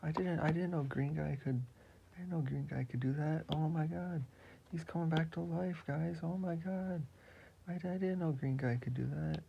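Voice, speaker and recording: A man voicing a frantic cartoon potato hero who stammers and gets flustered, in a voice pitched well above his own. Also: fairly even intonation, moderate pace, vocal fry, dark tone. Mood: amazed. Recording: muffled lo-fi recording with hiss.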